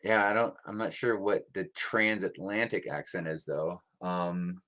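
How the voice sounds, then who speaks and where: With a deep, unhurried voice, a man from the United States co-hosts a livestream. He chats casually, rambling easily and saying um a lot.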